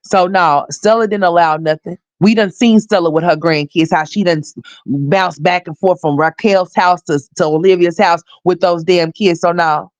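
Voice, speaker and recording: A woman hosting a livestream, giving blunt, profane commentary and scolding directly, her voice hoarse. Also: lowish voice, steady tone, moderate pace, dry recording. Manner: blunt, scolding, profane, talks straight to viewers.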